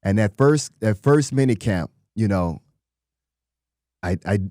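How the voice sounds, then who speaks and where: Deep mellow guy telling old football stories, super dry close mic. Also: measured pace, no room sound. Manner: animated storyteller, acts out quotes. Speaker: former pro football player, guest. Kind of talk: conversational interview storytelling.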